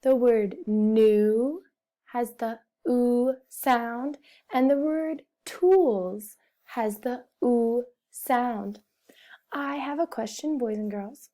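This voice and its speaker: A woman guides young children through a phonics lesson, saying each word deliberately and repeating it so they can follow. Her voice sits a bit high but sounds soft and mellow. She talks very slowly and patiently, like a teacher speaking to first graders. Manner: over-enunciates words and repeats them, speaks to children.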